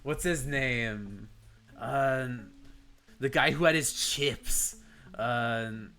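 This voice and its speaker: A man streaming live and chatting casually, animated and laughing often, with many filler words. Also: mid-range voice. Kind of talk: casual chat.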